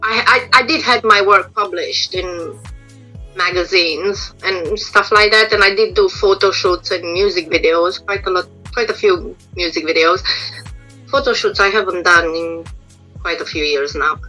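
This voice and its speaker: Over a video call with poor audio and faint background music, a middle-aged makeup and prosthetic artist answers interview questions casually. Her fairly low, slightly slow, sharp voice sounds a bit strained as she loses it. She gives frank, explanatory advice and restarts phrases.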